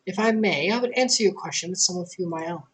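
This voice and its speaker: A man voicing a calm, formal woman innkeeper. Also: sits high, a crowd in the background, pitched above the performer's own voice, natural voice, poor audio. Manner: formal, deliberate, softly spoken. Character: calm, measured woman innkeeper of a port town.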